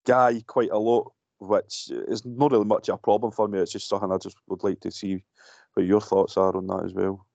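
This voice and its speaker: A Scottish man with a lowish voice chats casually about films, swearing freely and circling his thoughts. The sound is muffled and dull. The room adds no echo. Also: a little fast, vocal fry. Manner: swears freely, rambling and animated. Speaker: podcast co-host. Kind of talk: casual film-review chat.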